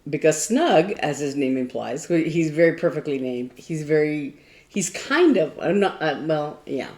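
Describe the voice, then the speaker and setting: A woman's voice: sits low, lively intonation, normal speed, a little mellow. A woman co-hosting a casual craft podcast who tells meandering, thoughtful stories. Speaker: podcast co-host. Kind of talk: casual chat. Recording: echoey room.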